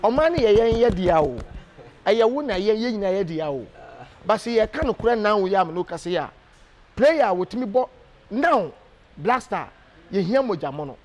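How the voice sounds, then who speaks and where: Ghanaian guy, high voice, fired up and emphatic, lots of ums while he thinks. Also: brisk. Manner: animated, emphatic, with frequent hesitation fillers. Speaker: interview guest. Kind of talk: casual interview.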